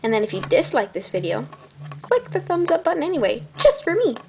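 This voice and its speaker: A teen girl rambles happily to her channel's viewers in a fairly high voice that jumps all over the place. Her talk is bubbly and dramatic, full of sudden gasps and quick asides. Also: very animated, creaky, a little mellow, a little hiss or hum. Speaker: channel host. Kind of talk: casual vlog chat.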